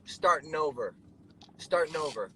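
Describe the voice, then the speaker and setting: Brash cussing guy in his 30s, bright forceful voice, chatting with friends. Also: fairly high pitch, expressive, normal speed, slight background noise, low-quality recording. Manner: brash, profane, boastful. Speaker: singer. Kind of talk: casual chat.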